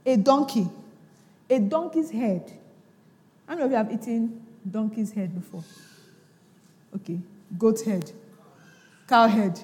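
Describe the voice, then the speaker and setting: A woman pastor preaching a sermon, acting out the scripture's voices with sudden shouts and laughter. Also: a little high, measured pace, long pauses. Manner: animated, acts out quotes with sudden shouts and laughter. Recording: long hall reverb.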